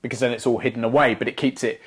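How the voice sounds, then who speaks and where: Mid-pitched male co-host chiming in. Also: little pitch movement, racing, slightly rough. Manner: chips in with short explanations and quips. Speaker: podcast co-host. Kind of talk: casual chat.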